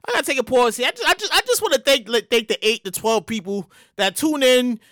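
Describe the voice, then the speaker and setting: A man hosting his own podcast, telling a story in an excitable, slangy and profane way. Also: very high voice, fast, dry recording, studio quality. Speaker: podcast host. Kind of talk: casual comedic podcast monologue.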